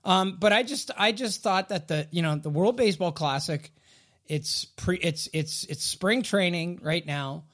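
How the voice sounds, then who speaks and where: An opinionated man co-hosting a casual podcast, talking in bursts with plenty of repeated words and restarts. His voice sits a little on the higher side. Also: measured pace, fairly bright tone. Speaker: podcast co-host. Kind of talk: casual hockey podcast chat.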